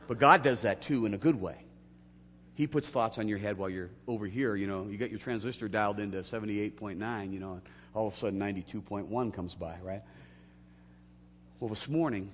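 A man preaching a sermon as pastor, telling a story and acting out the dialogue, swinging from hushed to loud. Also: lowish voice, fast, in a large hall, slight background noise.

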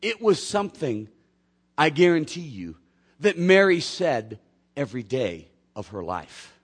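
A man preaching a sermon as a pastor, telling a personal story in an animated way and acting out the voices of the people in it. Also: a little high, measured pace, breathy edge.

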